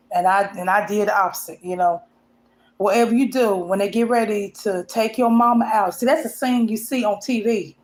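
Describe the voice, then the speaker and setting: A woman telling a painful personal story to her vlog audience in a rambling, emotional, colloquial way. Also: medium pitch. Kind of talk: casual storytelling.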